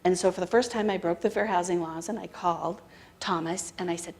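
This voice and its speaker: A middle-aged American woman giving a spiritual talk, telling a story in a conversational, animated way and acting out the dialogue. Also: lowish voice, a little fast. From United States. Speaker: spiritual practitioner speaker. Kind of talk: sermon storytelling.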